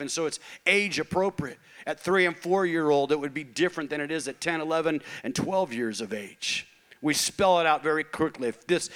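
A man's voice: a little high, fairly bright tone. A man preaching a sermon in an earnest, emphatic way, often repeating himself. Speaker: pastor.

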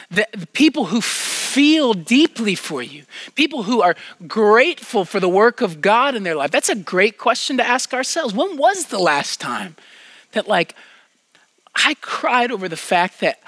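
A man preaching a sermon to his congregation, asking them questions and sometimes dropping to a hushed near-whisper for emphasis. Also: high voice, dry recording. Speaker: pastor.

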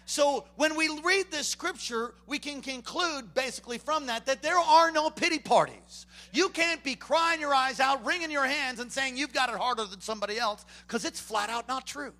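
High, bright-voiced preacher, loud to hushed. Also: male voice, normal speed, hardly any pauses. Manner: animated, swinging from hushed to shouting. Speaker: pastor. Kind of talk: sermon. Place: church before a congregation.

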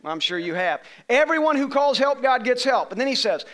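High, bright-voiced male pastor preaching. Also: sing-song, fairly quick. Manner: emphatic, rising to shouts on key phrases; leads call-and-response with the congregation. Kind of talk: sermon. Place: church sanctuary.

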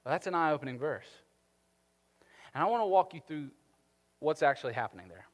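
A man preaching a sermon, animated, swinging from emphatic peaks down to soft, quiet lines. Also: on the high side, fairly quick. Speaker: pastor. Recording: long hall reverb.

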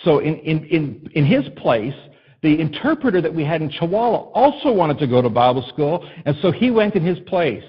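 A male pastor preaching a sermon in an impassioned way that builds to loud, emphatic peaks. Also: fairly high pitch, big pitch swings, normal speed, breathy edge, lo-fi sound.

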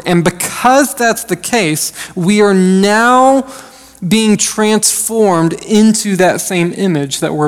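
A pastor in his thirties gives a sermon in a friendly, talky way, often pausing on "um" and "uh". His voice sits high for a man. The sound rings out with a long hall reverb. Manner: conversational preaching with frequent fillers. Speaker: associate pastor.

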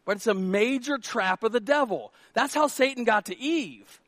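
A male pastor preaching with a notably high, bright-sounding voice, animated and playful, sometimes breaking into shouts. The sound is dry and close, with no room echo. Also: normal speed. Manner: animated, jokey, shouting at times. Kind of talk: sermon.

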